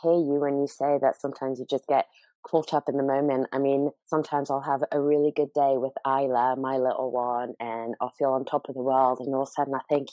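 A woman's voice: extremely low pitch, fairly even intonation, fairly quick, darkish tone, no room sound, poor audio. A young woman, a podcast host, chatting casually about motherhood and laughing often. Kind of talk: casual chat.

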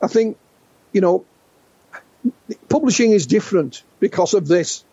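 A man in his sixties, guest on an interview, recounts witness stories in a lively, halting way, repeating words as he restarts. His voice sits high for a man. The sound is dull and lo-fi, very dry with no room around it. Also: breathy edge, no echo. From England. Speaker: guest UFO researcher. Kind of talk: conversational storytelling interview.

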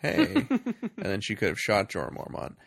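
A man's voice: on the low side, huge pitch swings, moderate pace, breathy edge, no echo, studio quality. A man co-hosting a podcast, casually recapping a movie with jokes, swearing and silly acted-out lines. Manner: jokey, acts out scenes in silly voices, swears freely. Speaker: podcast co-host.

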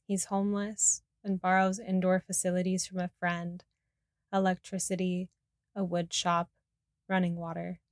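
A woman reading her personal memoir aloud in a soft, reflective, intimate way. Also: on the low side, monotone, unhurried, dry recording, clean studio sound. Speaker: narrator.

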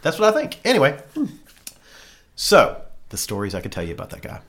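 A man's voice: medium pitch, huge pitch swings, fairly quick, fairly bright tone. A man from Australia co-hosting a podcast, joking in casual chat and laughing often. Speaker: podcast co-host.

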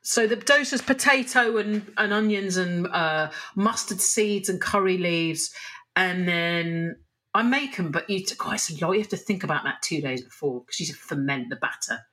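A woman chatting as a podcast guest, rambling from one enthusiasm to the next and swearing freely. Her voice has a bright, forward tone. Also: fairly low pitch, normal speed, low-quality recording. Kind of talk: casual chat.

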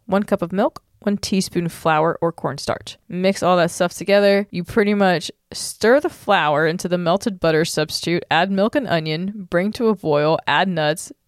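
A woman's voice: on the low side, moderate pace, hardly any pauses, no room sound, clean studio sound. A woman co-hosting a casual podcast, reading old recipes aloud with a playful drawl and frequent laughs. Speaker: podcast co-host.

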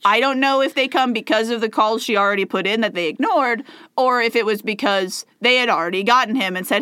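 Woman in her twenties telling a story on a podcast, a bit high voice, dry sound. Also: brisk, few pauses, bright, forceful tone, clear, resonant tone, no echo. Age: 20s. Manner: chatty storyteller, acts out quotes. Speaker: podcast co-host. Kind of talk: casual history podcast chat.

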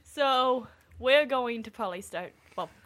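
A woman acting as game master sets the scene for her players. She talks in a halting way, pausing on ums and restarting her phrases as she goes. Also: a little high, a bit bright. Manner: halting, filler-laden description. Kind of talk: narrating a tabletop game.

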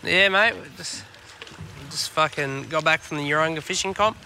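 A man's voice: fairly high pitch, normal speed, vocal fry, sharp tone, slight background noise. An Australian man co-hosting a fishing podcast from a boat, chatting casually in a laid-back, rambling way and swearing freely. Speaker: podcast co-host. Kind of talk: casual chat. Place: on a boat on the water.

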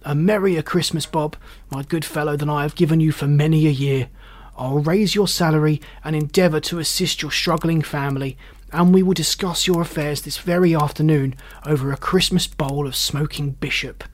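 A man's voice: a little high, steady tone, normal speed, lightly acted. A man reading aloud and voicing an old miser who has turned jolly, hearty and playful in manner. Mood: jovial. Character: old male miser turned jolly, gruff when feigning.

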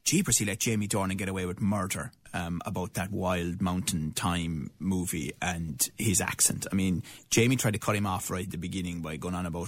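A man's voice: deep voice, steady tone, fairly quick, few pauses. A man with a Cork Irish accent hosting a radio show, chatting in a joking, rambling way. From Ireland. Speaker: radio host. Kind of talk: casual radio chat.

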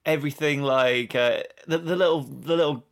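A man co-hosting a podcast, chatting casually and haltingly with lots of restarts. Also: on the high side, gravelly. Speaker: podcast co-host. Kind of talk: casual comic chat.

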